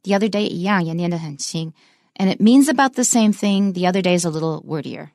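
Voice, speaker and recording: A woman teaching English pronunciation, saying example sentences slowly and with emphasis. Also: fairly low pitch, darkish tone, dry recording, studio quality. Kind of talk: bilingual English lesson.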